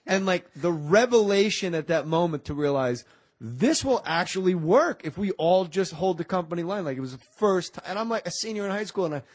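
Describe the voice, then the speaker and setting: A man's voice: high voice, animated, a little fast, husky. A man in his forties from New Jersey, a podcast guest who tells jokey stories and keeps slipping into other people's voices. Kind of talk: casual storytelling chat.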